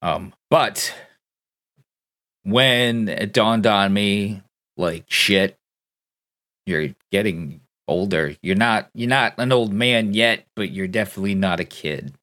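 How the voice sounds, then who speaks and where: A man's voice: lowish voice, slow, a bit bright. A man in his thirties co-hosting a casual podcast chat, wry and self-deprecating, laughing often, sick with a cold. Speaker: podcast co-host.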